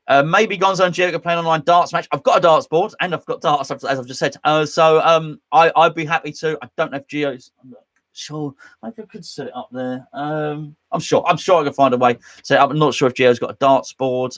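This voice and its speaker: A man's voice: on the high side, steady tone, normal speed, fairly bright tone. A man hosting a casual live stream from his home man cave, rambling and joking as he reads out chat comments. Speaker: host.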